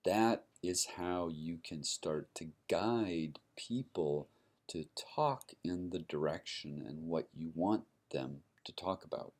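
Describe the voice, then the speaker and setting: A man teaches a university class in this recorded lecture, building his explanation step by step and tossing in "right?" to check on his audience. He speaks slowly in a low, somewhat dark voice.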